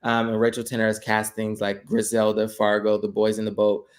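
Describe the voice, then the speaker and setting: A man co-hosting a casual movie review chat, speaking in a measured, analytical way. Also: lowish voice, completely flat delivery. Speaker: podcast co-host.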